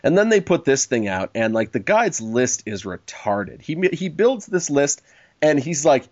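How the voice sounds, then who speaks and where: A man hosting a casual chat, animated and swearing freely, quoting people in mock voices, on a dull lo-fi recording. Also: mid-range voice, moderate pace, no echo.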